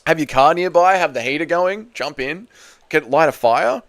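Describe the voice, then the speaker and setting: A man's voice: on the high side, moderate pace, no echo. Swearing young man hosting a livestream. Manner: excitable, swearing, loud bursts when reacting to chat. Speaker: livestream host. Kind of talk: casual livestream chat reading comments.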